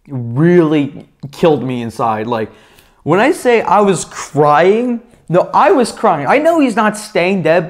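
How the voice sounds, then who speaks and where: A young man giving a casual, rambling movie review, excitable and swearing, with lots of fillers. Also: high voice.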